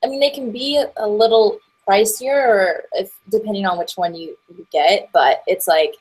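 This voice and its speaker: Rambling young actress guest. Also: female voice, medium pitch, normal speed, darkish tone, low-quality recording. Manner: rambling, many fillers and restarts, stop-start. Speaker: guest, actress and voiceover performer. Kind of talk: casual interview chat.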